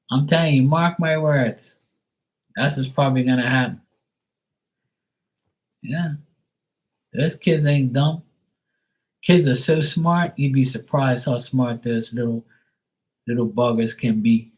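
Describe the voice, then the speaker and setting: A man, rambling bluntly and profanely in a casual live-stream talk. He restarts his sentences often and acts out quick quotes from kids and fathers. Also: mid-range voice, fairly even intonation, rough recording. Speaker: tarot reader on a livestream.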